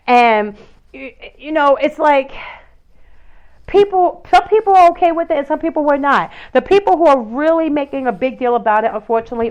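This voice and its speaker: A woman's voice: on the high side, dull audio. A woman in her thirties or forties, hosting a talk show and speaking in an impassioned monologue full of rhetorical questions and fillers. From United States. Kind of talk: passionate opinion monologue.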